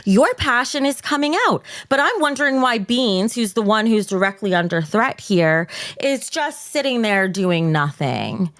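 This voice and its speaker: A woman's voice: medium pitch, expressive, a little slow, a bit bright. A woman moderating a bantering podcast debate, teasing and sing-song in her delivery.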